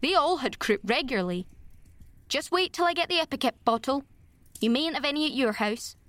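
A woman's voice: high voice, expressive, a little fast, a bit bright, no echo. A woman reading an audiobook, voicing an imaginative, talkative girl who speaks effusively and dramatically. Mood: eager.

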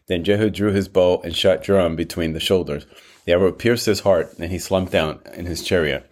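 Male scripture narrator, very low pitch, measured and steady.

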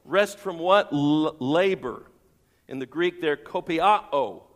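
A man with a fairly high voice preaches a sermon, pressing his points with rhetorical questions and repetition. His voice rings out with the long reverb of a large hall. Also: slow pace. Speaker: pastor.

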